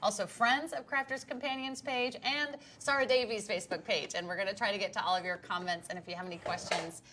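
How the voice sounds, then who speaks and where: Perky shopping host lady, bright sharp voice, faint hiss behind. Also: mid-range voice, fairly even intonation, fast talker. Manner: upbeat, encouraging, short affirmations. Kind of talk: live shopping presentation.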